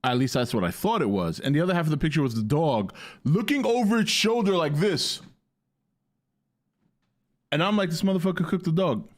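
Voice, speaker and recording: A man's voice: a little high, very animated, moderate pace, pauses often. A man chatting playfully on a live stream, joking around and talking to his dog. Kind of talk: casual live stream chat.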